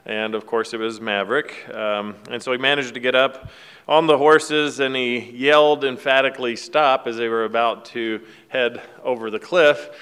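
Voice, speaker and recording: A man's voice: medium pitch, fairly even intonation, moderate pace, a bit bright, smooth. Man telling a story in a reverberant hall. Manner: folksy storytelling with fillers and restarts. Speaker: speaker giving a devotional talk. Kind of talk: casual devotional talk.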